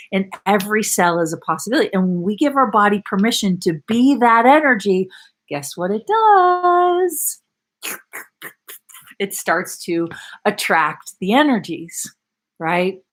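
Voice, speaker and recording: Animated woman coaching a live audience. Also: a little high. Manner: animated and emphatic, with sudden exclamations and laughs. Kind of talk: live-stream coaching talk reading viewer comments.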